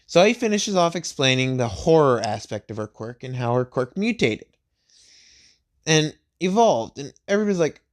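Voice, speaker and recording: A man casually retelling a fan story in a rambling, halting way, searching for words. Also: a little high, big pitch swings. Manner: rambling, halting, with many fillers and restarts.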